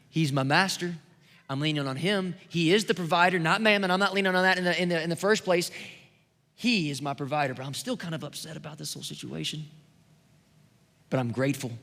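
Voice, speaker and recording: A man preaching a sermon as pastor, telling a personal story in an animated way that builds to emphatic preaching. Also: on the high side. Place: church sanctuary. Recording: long hall reverb.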